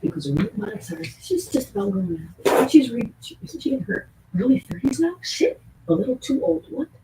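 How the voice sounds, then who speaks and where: A woman streamer rambling in a casual unscripted rant, swearing often and jumping between whispers and loud bursts. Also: sits high, very animated, brisk, background noise.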